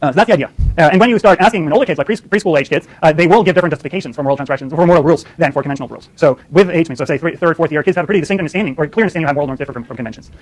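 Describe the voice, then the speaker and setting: Fast-talking male lecturer, slightly high voice. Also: poor audio. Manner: lots of fillers and restarts, asks "right?" often. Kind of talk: university lecture.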